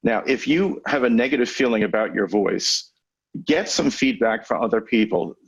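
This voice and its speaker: A man coaching lawyers on public speaking in a webinar over a video call, teaching in a measured, conversational way with deliberate pauses. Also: mid-range voice, vocal fry, husky, dull audio. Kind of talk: webinar lecture. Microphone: video call microphone.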